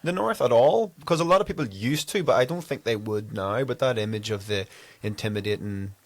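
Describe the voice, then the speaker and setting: A man's voice: on the low side, brisk, no echo. Man hosting a podcast. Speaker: podcast host. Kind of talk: casual podcast interview.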